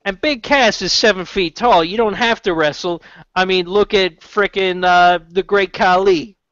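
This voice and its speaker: A man's voice: high-pitched, measured pace, a bit bright, dry recording. A man from Canada hosting a casual chat, rambling with restarts and casual swearing. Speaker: podcast host. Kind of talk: casual chat about wrestling. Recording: dull lo-fi dry recording.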